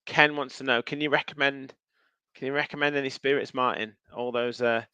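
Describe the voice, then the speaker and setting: A man's voice: mid-range voice, fairly even intonation, fairly quick, sharp tone, smooth, no echo, dull audio. A man hosting a casual football podcast, chatty and steering the talk. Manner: chatty, runs the show and signs off. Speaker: podcast host.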